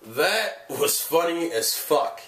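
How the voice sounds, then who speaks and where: A man's voice: on the high side, lively intonation, slow, a bit bright, distant mic. Rambling man with a cold, echoey room. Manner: rambling, full of "like" and restarts. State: has a cold, coughing. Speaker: anime vlogger. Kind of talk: casual review vlog. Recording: echoey room, away from the mic.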